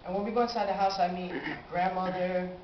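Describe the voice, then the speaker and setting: An eighteen-year-old man telling a personal story on stage, animated and acting out his own reactions. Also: high-pitched, fast talker, very noisy. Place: live stage in a small cafe venue. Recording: roomy, dull amateur live recording.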